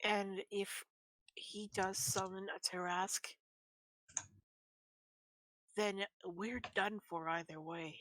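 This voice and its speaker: A woman's voice: medium pitch, steady tone, takes it slowly, pauses often, fairly bright tone, no room sound, poor audio. A woman player in a tabletop game, speaking in a matter-of-fact way.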